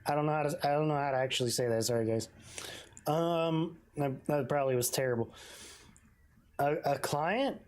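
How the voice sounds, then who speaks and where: Low-voiced, self-deprecating woman streamer. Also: darkish tone. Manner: self-deprecating, quick to laugh. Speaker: game streamer. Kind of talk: casual let's-play commentary.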